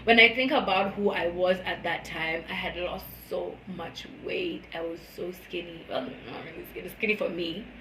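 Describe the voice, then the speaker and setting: A woman's voice: steady tone, normal speed, few pauses, a little hiss or hum. Earnest woman in an echoey room. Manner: earnest, emotional, swings from soft and low to loud and high. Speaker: vlogger. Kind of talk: casual spoken testimony.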